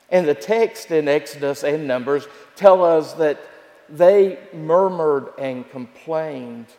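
A man preaching a sermon as pastor, telling the story with repeated phrases and dramatic pauses. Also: a little high, gravelly, darkish tone. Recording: echoey hall with long reverb.

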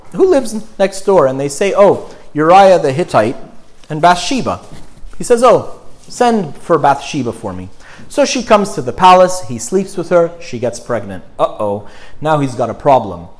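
Guy preaching, animated storytelling, kinda high voice, gets loud then goes quiet. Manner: animated retelling, swings between loud and hushed. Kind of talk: sermon storytelling.

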